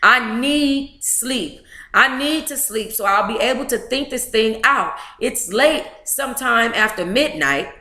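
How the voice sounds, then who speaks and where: A woman's voice: on the high side, animated, measured pace, sharp tone, echoey room. Blunt, emotive woman reading aloud. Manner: blunt, emotive, with profane asides. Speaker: book club host reading aloud to a live chat. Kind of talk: reading a memoir aloud with live commentary.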